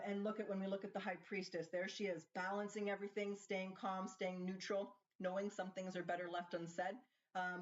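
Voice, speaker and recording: A woman with a medium-pitched voice gives a casual tarot reading, musing aloud and asking the cards questions. There's a little hiss or hum on the slightly dull, lo-fi recording.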